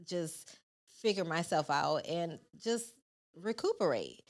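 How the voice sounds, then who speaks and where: Low-voiced woman in her thirties, candid. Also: big pitch swings, unhurried. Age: 30s. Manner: supportive, frequent short affirmations, candid. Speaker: podcast co-host. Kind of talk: casual chat.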